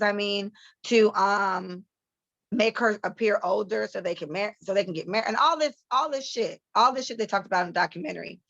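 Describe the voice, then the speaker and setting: Gravelly, blunt-talking woman podcaster. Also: mid-range voice, no room sound. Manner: blunt, profane, animated storytelling. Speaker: podcast co-host. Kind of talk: casual commentary. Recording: slightly muffled dry podcast mic.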